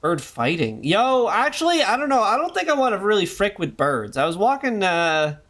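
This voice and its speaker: Male game streamer, casual rambling commentary, jokey asides, highish lively voice. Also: moderate pace. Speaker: gaming streamer.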